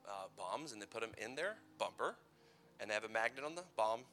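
A man's voice: lowish voice, animated, a little fast, fairly bright tone, a little hiss or hum. A man in his thirties giving a playful, conversational youth sermon full of personal stories. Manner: playful, conversational, teasing asides. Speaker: youth pastor.

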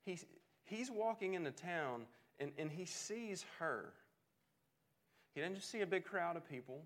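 Earnest male preacher, slightly high voice. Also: expressive, unhurried, a bit bright. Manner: earnest, repeats words as he restarts. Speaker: pastor. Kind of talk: sermon.

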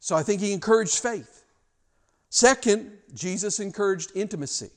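Emphatic preacher man, slightly high voice. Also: moderate pace. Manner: emphatic, animated retelling with many restarts. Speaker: pastor. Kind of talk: sermon.

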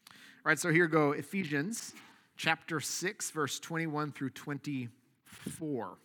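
Pastor, male, bright and forceful tone, casual asides, long church reverb. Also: fairly high pitch. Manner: casual, animated preaching with asides; soft, slow prayer. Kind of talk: sermon.

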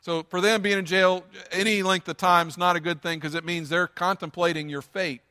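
A man's voice: sits high, level tone, brisk, sharp tone, clean tone, long reverb tail. A man preaching a sermon as pastor, earnest and emphatic, with lots of repetition.

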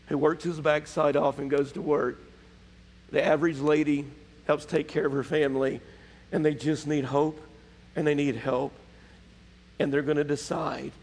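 A male pastor preaches in an emphatic, conversational way, often turning to question his congregation. His voice sits a little high. A long hall reverb trails each phrase in the church sanctuary. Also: gravelly, a little mellow, breathy edge. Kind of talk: sermon.

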